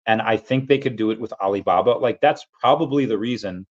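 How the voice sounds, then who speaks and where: Low-voiced man chatting on a livestream. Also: a little fast, dull audio. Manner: rambling, reads viewer comments aloud. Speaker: livestream host. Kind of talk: casual livestream chat.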